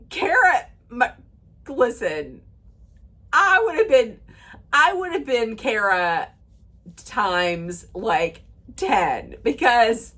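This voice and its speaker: A woman recapping a reality TV episode in a chatty, opinionated rant, full of "like" and restarts, sometimes acting out what the cast said in a lower voice. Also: bright, forceful tone. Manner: acts out quoted lines in a lower voice.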